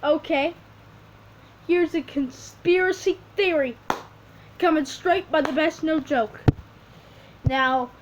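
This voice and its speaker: High-voiced woman rambling through a story. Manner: rambling and halting, with many restarts. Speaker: video creator. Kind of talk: improvised storytelling while drawing. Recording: dull lo-fi recording with faint hiss.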